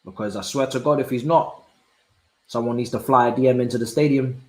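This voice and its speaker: A young man reacting live to a football match, swinging from low muttering to loud shouts and using plenty of slang. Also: brisk, echoey room, poor audio. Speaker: football watch-along streamer. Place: indoor room at home.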